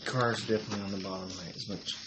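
A man's voice: lowish voice, fairly even intonation, rapid-fire. A man co-hosting a casual sports rankings chat, plain-spoken, answering in short agreements and firm opinions. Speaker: co-host, the father. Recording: clear background noise.

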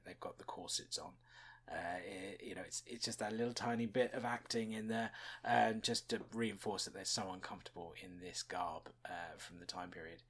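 Low, husky-voiced man commentating casually. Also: fairly bright tone. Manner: chatty, musing, many fillers and asides; chuckles often. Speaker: podcast host reviewing a TV episode.

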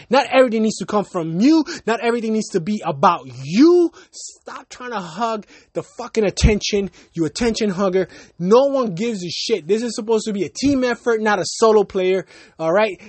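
Profane high-voiced man ranting. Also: no room sound. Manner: profane, heated, laughs at himself. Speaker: podcast host. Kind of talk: casual rant monologue. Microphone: basic home setup, no fancy gear.

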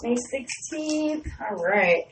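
A woman hosting a radio show, chatting in an excitable, rambling way full of stories and fillers. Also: fairly high pitch, takes it slowly, noisy background. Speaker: radio host. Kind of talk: casual chat.

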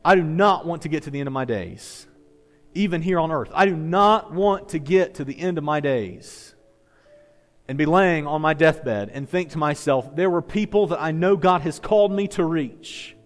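A man's voice: a little high, animated, normal speed, long reverb tail, soft background music. A man preaching a sermon as pastor, repeating phrases and leading his congregation in call-and-response. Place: church sanctuary.

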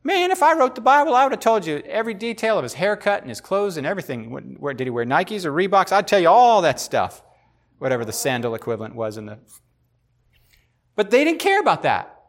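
A man hosting a podcast, talking in a casual devotional way, animated and speculative, often repeating himself for emphasis. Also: sits high, brisk. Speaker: podcast host.

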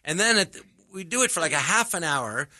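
A man chatting on a radio show as a comedian guest, telling animated stories, laughing often and acting out the voices of people in them. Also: fairly high pitch, brisk, dry recording, clean studio sound. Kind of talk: casual radio chat.

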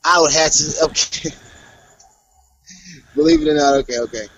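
A young adult man, a professional wrestler, talking casually in an interview and breaking into animated promo-style trash talk. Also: a little high, measured pace, breathy edge, no echo, muffled recording. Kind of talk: casual interview over a call.

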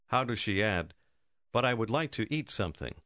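A man with a lower voice narrates a recorded language lesson, prompting the learner with lively, varied intonation. His manner is instructive and measured. The sound is close and dry. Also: no room sound.

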